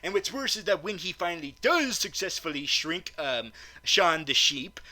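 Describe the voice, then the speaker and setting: A man's voice: on the high side, animated, normal speed, pushed and bright. A man doing a comedic movie recap, stammering often and breaking into mock-outraged, swearing rants.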